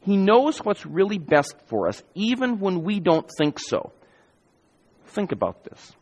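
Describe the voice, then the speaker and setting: A man preaching a sermon in an emphatic, varied delivery with deliberate pauses, in a church sanctuary. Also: high-pitched, big pitch swings, a bit bright. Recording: hall reverb.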